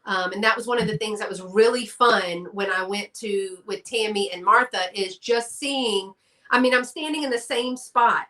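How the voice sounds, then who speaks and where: A woman's voice: mid-range voice, moderate pace, bright, forceful tone. A woman from Texas with a Southern accent, chatting casually in a live stream and laughing often. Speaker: guest collector.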